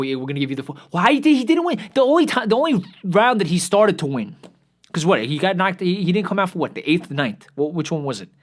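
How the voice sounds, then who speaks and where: A young man hosting his own show, ranting in a profane, exasperated way that sags at times into weary muttering. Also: high-pitched. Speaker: podcast host. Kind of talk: ranting commentary.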